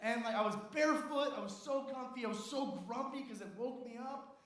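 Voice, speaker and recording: A man with a fairly high voice tells a rambling, self-mocking stand-up story full of crude asides. He is recorded from a distance on a live club stage, so his voice is roomy and echoey. An audience can be heard in the room. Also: fairly quick, a bit bright. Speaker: stand-up comedian. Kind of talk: stand-up set.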